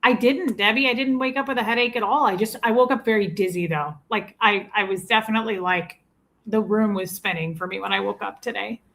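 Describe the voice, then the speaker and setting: Co-host, woman in her forties, bright tone, blunt and candid, casual stream chat. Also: medium pitch, fairly quick. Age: 40s. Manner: candid, blunt, swears freely. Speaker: co-host of a livestream. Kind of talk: casual chat reading viewer comments.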